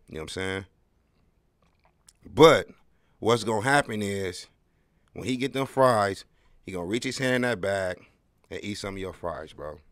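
A man's voice: mid-range voice, a bit bright, no echo, studio quality. A man hosting his own podcast, talking in a slangy, rambling solo monologue with wry, emphatic storytelling. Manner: slangy, rambling, keeps tagging "bro". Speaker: podcast host.

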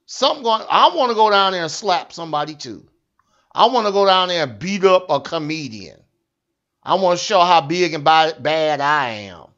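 A man's voice: a little high, very animated, normal speed, a bit bright, muffled recording. A man hosting a satirical news show, delivering a blunt, profane, repetitive comic rant.

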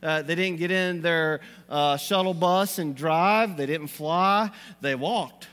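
High-voiced, folksy man preaching. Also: slow, fairly bright tone, smooth. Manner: folksy, rambling, with frequent fillers and chuckles. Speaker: pastor. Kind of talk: sermon. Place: church sanctuary. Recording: long reverb of a church hall.

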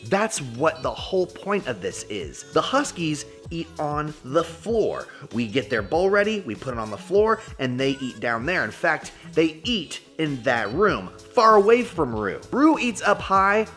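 Male vlog host, casual pet-care tips, animated and playful delivery, voice swoops widely, soft music faint underneath. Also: on the high side. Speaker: dog trainer vlogger.

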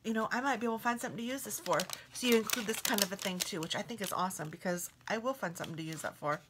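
A woman vlogger casually showing off craft mail she received, gushing softly and sometimes dropping to a whisper. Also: medium pitch, racing, noisy background. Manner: gushing, soft-spoken, drifts into whispers. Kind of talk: casual show-and-tell unboxing.

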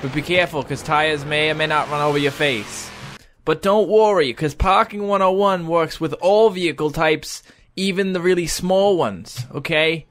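A man's voice: medium pitch, moderate pace, fairly bright tone, faint music behind, lightly acted. A man putting on a vague accent as a patronizing mock driving instructor addressing children. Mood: mock teacherly. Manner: put-on vague accent, teacherly sing-song.

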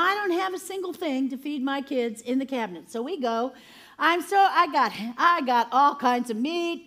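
An older woman giving an animated sermon testimony, laughing often and acting out the people in her story. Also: fairly high pitch. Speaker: conference speaker.

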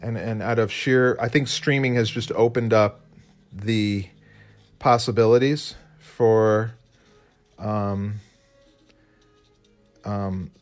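A man's voice: on the low side, steady tone, slow, long pauses, faint music behind. A man co-hosting a live painting stream, chatting in a rambling, self-deprecating way as he works. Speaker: co-host and illustrator. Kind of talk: casual live-stream chat while painting.

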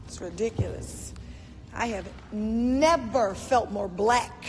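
A woman's voice: on the high side, slow pace. A woman from Baltimore ranting indignantly and emotionally into her phone in a hotel on a livestream. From Baltimore, USA. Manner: indignant, emotional, repeats herself. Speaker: celebrity livestreaming. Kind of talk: angry live-stream rant. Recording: echoey room with faint noise.

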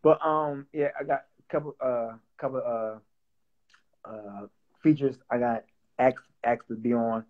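A young man who writes and produces music talks in a relaxed, joking way, circling back on his words with plenty of fillers. His voice sits at a middle pitch for a man. The audio comes through a bit dull and lo-fi. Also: takes it slowly. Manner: loose and playful, lots of fillers and repeats. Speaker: songwriter and producer. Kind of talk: casual interview chat.

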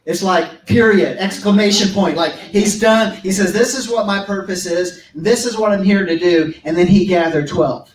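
A man's voice: high-pitched, moderate pace, few pauses. A man preaching a sermon at a church service, reading scripture aloud and breaking in with emphatic asides. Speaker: pastor. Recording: echoey room, voice from a distance.

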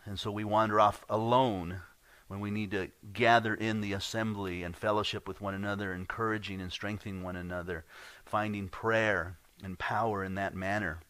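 A man's voice: lowish voice, fairly even intonation, moderate pace, a bit bright, no room sound. A man preaching a sermon as pastor, earnest and conversational, often restarting his words.

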